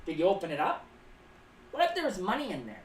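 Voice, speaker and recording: Streaming as a clown, a woman talks at a quick pace with huge pitch swings around a medium pitch, rambling casually, reading chat aloud, and making playful asides. She often speaks of herself in the third person, and the recording is distant, roomy, and off-mic with faint background noise.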